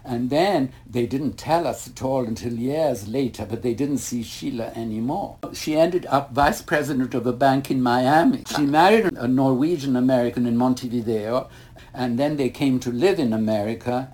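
A man's voice: mid-range voice, slightly rough. An older man, a retired ballet master, telling long rambling stories in a casual interview. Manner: rambling anecdotes, animated when retelling mishaps.

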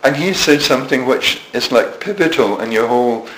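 A man's voice: medium pitch, expressive, fairly quick, fairly bright tone. A Scottish man in his seventies telling self-mocking anecdotes in an interview, with frequent restarts. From Scotland. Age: 70s. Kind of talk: storytelling interview. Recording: echoey room with faint noise.

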